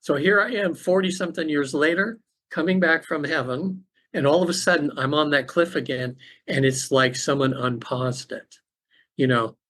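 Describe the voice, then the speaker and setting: A middle-aged man, a podcast guest, telling a personal story in an earnest, halting way with many restarts, over a remote call. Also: on the high side, a bit bright. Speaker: podcast guest, afterlife facilitator.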